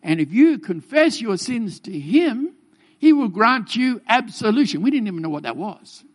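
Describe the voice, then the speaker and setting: A middle-aged man giving a humorous talk to a congregation, telling a childhood story in a lively, joking way and acting out the fear. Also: high-pitched, normal speed.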